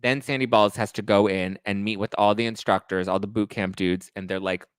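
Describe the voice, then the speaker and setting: A man's voice: on the low side, steady tone, fairly quick, smooth, no echo. A male host recapping reality TV gossip in a casual, crude, playful way. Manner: gossipy, crude, playful, breaks into song snippets.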